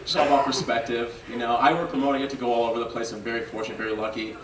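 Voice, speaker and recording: A man doing a stand-up set, talking in a halting, rambling way full of fillers. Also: mid-range voice, little pitch movement. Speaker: stand-up comedian. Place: comedy venue stage with a live audience. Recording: roomy, distant mic, loud crowd and noise.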